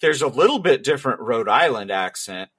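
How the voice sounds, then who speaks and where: A man's voice: mid-range voice, very animated, fairly quick, fairly bright tone, husky. A man co-hosting a casual podcast chat, making dry, teasing interjections. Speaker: podcast co-host.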